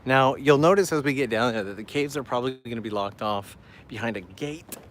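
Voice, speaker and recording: A man's voice: mid-range voice, fairly quick, fairly bright tone, a little hiss or hum. A man hosting a travel live stream outdoors, chatting enthusiastically with viewers while walking and reading their messages aloud. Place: outdoors on a seaside island path.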